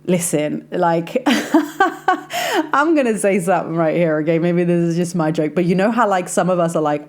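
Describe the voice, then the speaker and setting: Chatty woman, lowish voice. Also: expressive, normal speed. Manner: chatty and confiding, addresses listener as sis, frequent "like". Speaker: podcast host and life coach. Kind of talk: casual faith podcast talk.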